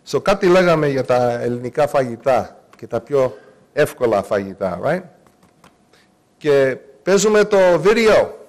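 A man's voice: mid-range voice, very animated, moderate pace, a little mellow. Man giving a business talk. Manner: mixes Greek and English, conversational. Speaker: conference speaker. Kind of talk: business presentation.

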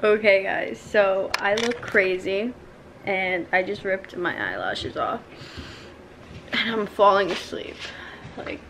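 A young woman in her late teens chatting casually to a camera set down at home at night, soft, heartfelt and rambling. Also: mid-range voice, expressive, takes it slowly, slight background noise. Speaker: vlogger. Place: home at night, taking off makeup. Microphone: camera set down nearby.

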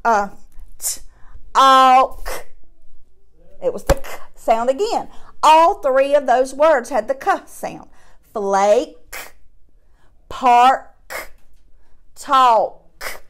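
A woman teaching a phonics lesson to young children, drawing out each sound slowly and patiently, with encouraging praise. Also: fairly high pitch. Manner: slow, drawn-out sounding of word parts; encouraging, patient classroom delivery.

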